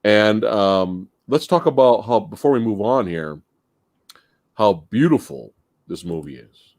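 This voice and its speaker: Lively low-voiced man hosting a podcast. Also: unhurried, no echo, studio quality. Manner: animated, laughs while talking. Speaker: podcast host. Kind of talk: casual movie talk.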